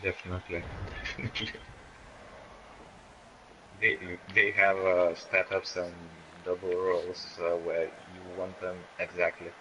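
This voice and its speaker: Slow, deep-voiced, hesitant male co-commentator. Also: flat delivery, pushed and bright, muffled recording, slight background noise. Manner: hesitant, many fillers. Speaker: game co-commentator. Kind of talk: video game match commentary.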